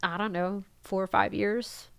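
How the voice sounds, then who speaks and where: A middle-aged woman telling her own story as a podcast guest, halting and soft-spoken, often trailing off and restarting. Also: mid-range voice, level tone, gravelly, clean tone, dry recording. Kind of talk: candid personal storytelling.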